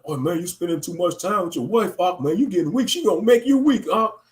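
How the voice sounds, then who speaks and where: A man putting on the voice of a nagging male street-camp preacher who whines and shouts accusations. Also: sits high, lively intonation, fairly quick. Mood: accusing. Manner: whiny, repetitive, shouting accusations.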